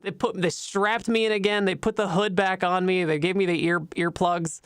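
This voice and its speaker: Smooth-voiced woman telling a funny story. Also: on the low side, fairly even intonation, normal speed, dry recording, clean studio sound. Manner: laughs often, acts out others' lines. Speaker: streamer. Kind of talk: casual anecdote told live on stream.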